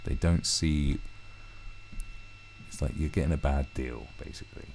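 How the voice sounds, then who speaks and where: A man's voice: rumbling low, huge pitch swings, a little slow, creaky, a little mellow, a little hiss or hum. A man ranting through a commentary video, swearing heavily and often restarting his sentences. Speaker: commentary vlogger.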